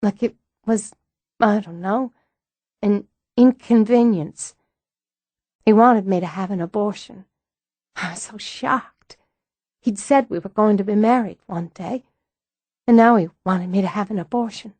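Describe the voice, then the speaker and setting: A woman's voice: mid-range voice, a little mellow, dry recording, close to an everyday voice. Woman reading Jane, a tearful young woman. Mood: distraught. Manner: halting, emotional confession. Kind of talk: audiobook dialogue.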